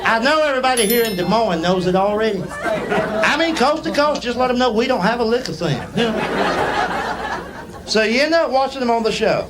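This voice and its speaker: High, lively stand-up comic man. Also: brisk. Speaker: stand-up comedian. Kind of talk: storytelling stand-up. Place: theater stage before a laughing audience. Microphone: stage microphone. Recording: live show with crowd laughter and noise.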